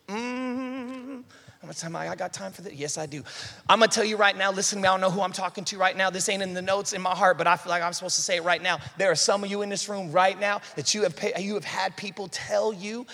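Man, pastor, preaching with fire, sharp bright voice, big echoey church. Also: sits high, normal speed. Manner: preaching with rising fervor, acting out Bible voices and calling out to the congregation. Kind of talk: sermon. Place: large church hall. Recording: long reverb of a large hall.

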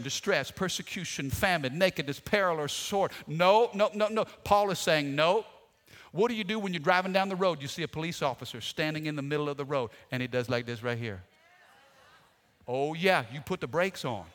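A male pastor delivering an energetic sermon, leading the congregation in call-and-response and shouted refrains. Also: high voice. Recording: long hall reverb.

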